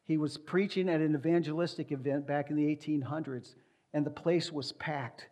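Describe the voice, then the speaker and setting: A man's voice: fairly high pitch, steady tone, moderate pace, a little mellow. A man preaching an expository sermon as pastor, speaking with emphasis, repeating key words and reading scripture aloud.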